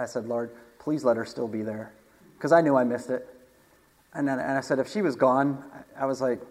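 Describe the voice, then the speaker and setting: A man's voice: medium pitch, in a large hall. Chatty man preaching a casual sermon. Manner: chatty, laughs often, repeats words. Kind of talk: informal sermon with personal story.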